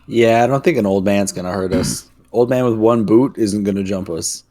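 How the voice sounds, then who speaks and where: A man's voice: on the low side, moderate pace, mellow. A man playing a tabletop game, speaking with a dry, wry manner. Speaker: player. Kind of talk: casual tabletop play.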